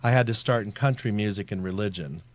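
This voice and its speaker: A man telling stories as a guest on a talk show, speaking in a practiced, low radio-announcer manner. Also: fast talker, dry recording. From Virginia, USA. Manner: talkative storyteller with a trained announcer's voice. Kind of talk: casual interview chat.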